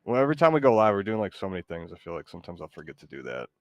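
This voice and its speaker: A man hosting a live stream in casual, laid-back chat, often hesitant and quick to laugh. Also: deep voice, big pitch swings, no echo, muffled recording. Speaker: streamer host.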